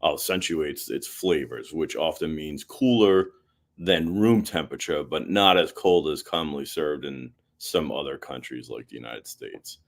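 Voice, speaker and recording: A man's voice: very deep voice, animated, measured pace. A man co-hosting a casual chat, laid-back and dry, blunt and swearing casually.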